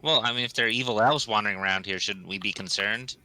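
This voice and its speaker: A man's voice: lowish voice, quick pace, sharp tone, dry recording, low-quality recording. A man voicing an earnest, naive young male knight who stammers and repeats words while in character in a tabletop game.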